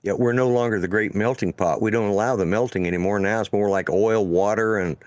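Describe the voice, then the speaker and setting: A man's voice: fairly low pitch, brisk, dry recording. A man hosting a casual political chat show, rambling with many fillers and restarts. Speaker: show host.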